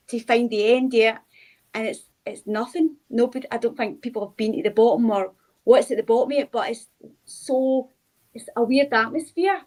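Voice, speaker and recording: Young Glaswegian woman guest, high bright voice, chatty, heavy on "like.". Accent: Glaswegian Scottish. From Scotland. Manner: chatty, with frequent "like" fillers and quick asides. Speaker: guest, urban explorer. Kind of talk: casual chat.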